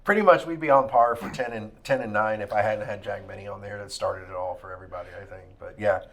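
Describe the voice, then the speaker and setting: A man's voice: fairly low pitch, steady tone, fast talker, a bit bright. Crude laughing podcast guy. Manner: crude, laughing, rambling with restarts. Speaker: podcast co-host. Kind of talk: casual podcast banter.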